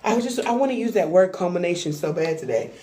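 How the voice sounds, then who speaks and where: A woman tarot reader chatting on a live stream, animated and playful, talking straight to her viewers. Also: fairly low pitch, quick pace, slight background noise. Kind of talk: live-stream spiritual reading chat.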